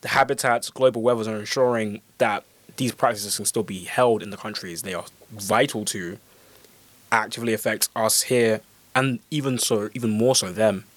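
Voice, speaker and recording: A man with a fairly low voice co-hosting a radio conversation. He explains points in a steady, fluent way. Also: moderate pace, no echo. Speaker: radio co-host. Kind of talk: casual radio chat.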